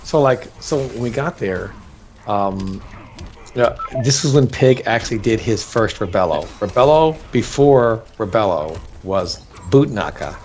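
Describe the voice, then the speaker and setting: A man whose voice is on the low side speaks without hurry, co-hosting a relaxed storytelling chat. He laughs, stays animated, and acts out quotes from tournament stories.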